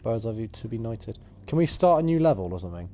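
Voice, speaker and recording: A man's voice: medium pitch, very animated, quick pace, warm tone. A man with a mid-range voice riffs over gameplay in casual chat. He is cheeky and boisterous, teasing his friend while cheering on the play. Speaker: let's play co-host.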